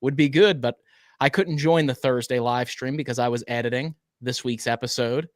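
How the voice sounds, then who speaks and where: A man hosting a casual live stream, speaking at an ordinary middle pitch. His voice is dry and close, with no room sound. He is chatty and keeps greeting viewers by name, now and then stumbling over a word. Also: fairly even intonation, moderate pace, dry recording. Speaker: livestream co-host.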